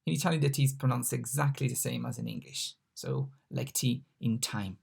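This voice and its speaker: A language mentor giving a recorded online lesson, patiently repeating each example word slowly. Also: mid-range voice, animated, gravelly, darkish tone, husky.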